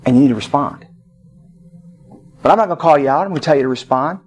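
A male pastor with a fairly high voice preaches a sermon at a church service. He talks in an emphatic storytelling style, often climbing to forceful declarations. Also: quick pace, breathy edge.

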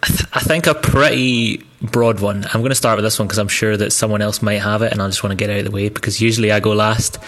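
A young man co-hosting a casual film podcast, speaking in a dry, deliberate, needling way. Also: on the low side, fairly even intonation, a bit bright. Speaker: podcast co-host. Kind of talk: casual chat.

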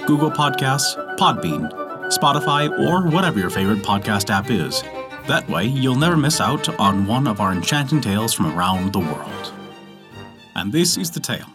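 A man hosting a folk tale podcast, narrating in an expressive, measured storytelling manner. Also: mid-range voice. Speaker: storyteller host.

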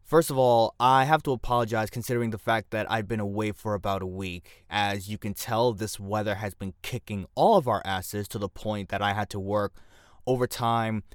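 A man with a low, groggy voice hosts a podcast in casual, opinionated chat. He talks bluntly and doubles up phrases for emphasis. The sound is dry and close, with no room behind him. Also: fairly even intonation, normal speed, clear, resonant tone, dry recording. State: groggy, short on sleep. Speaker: podcast host.

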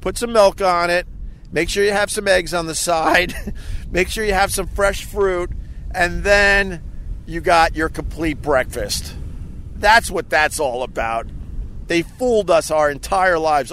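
A middle-aged man from Long Island, a radio host, rambling casually in a self-mocking way outdoors on a quiet beach, breaking now and then into loud mock rants. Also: high voice, a little slow, slight background noise. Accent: faint Long Island. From Long Island, New York. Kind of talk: casual outdoor vlog monologue.

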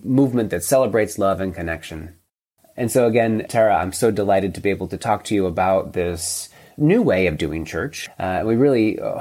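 A man's voice: low-pitched, darkish tone. A man, a priest, speaking as a podcast guest in an earnest, unscripted way. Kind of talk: casual interview talk.

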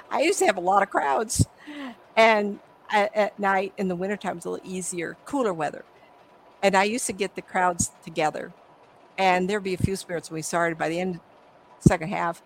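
Middle-aged woman medium chatting in an interview, gravelly voice, acts out the voices in her stories. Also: lowish voice, slight background noise, low-quality recording. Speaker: psychic medium and guest. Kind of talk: conversational interview storytelling.

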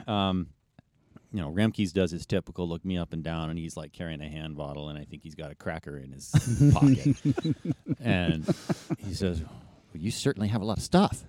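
A man's voice: low-pitched, animated, normal speed, a little mellow, dry recording. A middle-aged man telling long anecdotes in a casual interview, rambling with many fillers and restarts. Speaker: guest ultrarunner.

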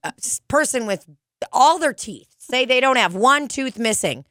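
A woman's voice: sits high, animated, a little slow, fairly bright tone, no echo, studio quality. A woman co-hosting a casual chat, riffing on crude comic bits with playful exaggeration.

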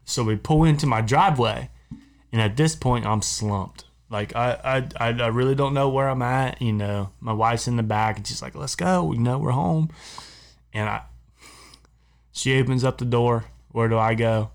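A man co-hosting a podcast from a studio, spinning a long story for his friends in a rambling way. He circles back and repeats himself and laughs along, and his voice sits at an ordinary middle pitch. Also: steady tone, normal speed. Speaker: podcast co-host. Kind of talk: casual storytelling among friends.

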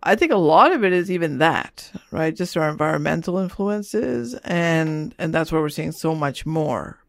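A woman's voice: deep voice, expressive, normal speed, gravelly, no echo. Chatty middle-aged mother, dry sound. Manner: rambling, frequent "you know" and "right?". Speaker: author and parent. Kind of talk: casual interview conversation.

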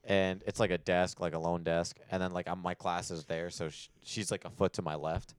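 A young man chatting casually as a podcast co-host, telling animated stories with lots of fillers. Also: low voice, moderate pace, background noise. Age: young adult. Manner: animated storytelling with many fillers. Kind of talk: casual chat.

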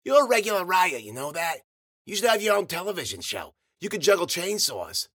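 A man voicing a cranky, ancient old woman with a croaky, frog-like voice and a sarcastic tongue. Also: high voice, sing-song, a little fast, fairly bright tone, no room sound, studio quality, pitched above the performer's own voice, full character voice.

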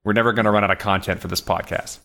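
A man's voice: lowish voice, fairly even intonation, racing, creaky, pushed and bright. A man co-hosting a podcast, talking in an earnest pep-talk manner in casual chat. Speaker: podcast co-host.

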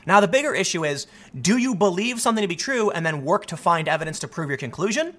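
Man, bright tense voice, animated, repeats himself, casual commentary. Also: high-pitched, fast. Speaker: commentary host.

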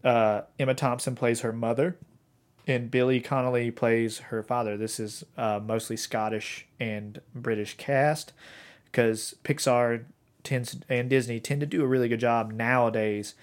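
In his thirties, this podcast co-host chats casually and rambles, with lots of fillers and restarts. His mid-range voice keeps a fairly even intonation and moves a little slowly.

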